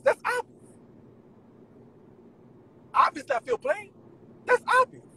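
A man venting to his viewers in an animated, profane, emphatic rant. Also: extremely high pitch, vocal fry, a little hiss or hum, rough recording. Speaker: vlogger. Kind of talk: ranting straight to camera.

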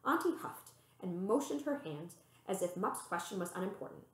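Librarian, woman, storybook read-aloud, expressive, roomy echo. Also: normal speed. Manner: expressive, voicing the characters with pitch lifts.

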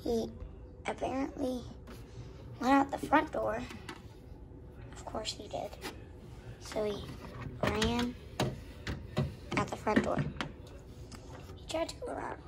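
A woman tells an improvised horse story in a loose, rambling way. Her voice is high and her pace slow. A faint hiss sits under the recording. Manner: rambling, informal. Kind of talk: casual improvised story narration.

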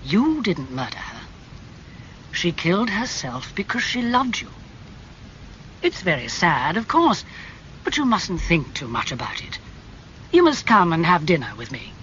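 A man voicing a worldly, cynical older gentleman who speaks slowly and soothingly. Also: high voice, huge pitch swings, highs cut off, a little hiss or hum, full character voice. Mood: calm. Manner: slow, smooth and soothing.

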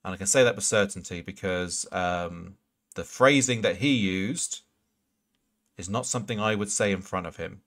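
Viewer questions get long, rambling answers from a man playing a game on a live stream, where he talks casually and swears freely. He has a low, slightly bright voice and a moderate pace.

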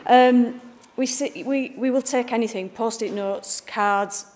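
A Bradford woman with a Northern English accent, a picture book art director, gives a chatty, jokey informal public lecture to a live audience in a library event room. Her voice sits on the high side with a darkish tone, and she speaks slowly with fairly even intonation.

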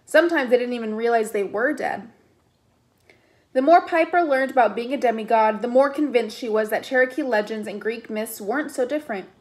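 A woman reading a novel aloud in steady narration, with occasional casual asides. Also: fairly high pitch, a little fast. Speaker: reader.

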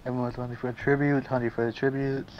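A man's voice: mid-range voice, little pitch movement, quick pace, highs cut off. A young man reading out game events to friends, laughing and swearing in surprise. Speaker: gaming video host.

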